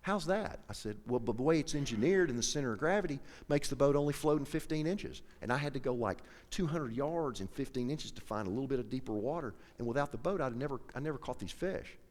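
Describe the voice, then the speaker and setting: A man telling a folksy, animated story to a live audience, acting out both sides of the conversation. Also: mid-range voice, fast talker, hardly any pauses. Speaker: professional angler speaking to an audience. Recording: echoey hall with long reverb.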